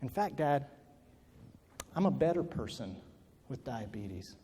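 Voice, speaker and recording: A man quoting his gentle, sweet preteen daughter in a soft, quiet voice during a talk in a hall. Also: mid-range voice, very animated, a little slow, slight background noise, pitched below the performer's own voice. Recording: reverberant hall.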